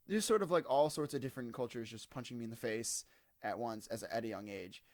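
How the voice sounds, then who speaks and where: A man's voice: medium pitch, a little fast, dry recording. A tired, slightly hungover man in his twenties, rambling casually to camera in a digressive, self-deprecating way. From United States. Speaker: vlogger.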